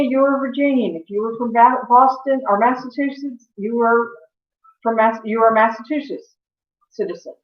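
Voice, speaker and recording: A woman giving a history lecture as a teacher, conversational, with fillers and self-corrections. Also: a little high. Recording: echoey, dull lo-fi room sound.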